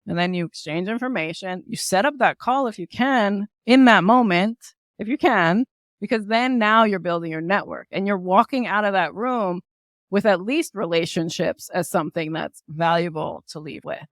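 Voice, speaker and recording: A woman guest on a podcast, talking in an upbeat, energetic way with lots of asides like "right?" and "like". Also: mid-range voice, normal speed, no echo, clean studio sound. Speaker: guest entrepreneur. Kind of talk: casual podcast interview.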